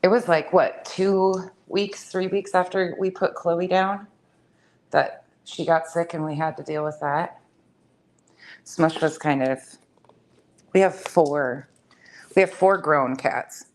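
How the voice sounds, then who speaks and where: A woman's voice: lowish voice, fairly even intonation, slow pace, long pauses, darkish tone, poor audio. A woman chatting casually at home about her cats, blunt and chatty, cursing freely. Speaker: cat owner vlogger. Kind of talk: casual chat to camera. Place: home, indoors.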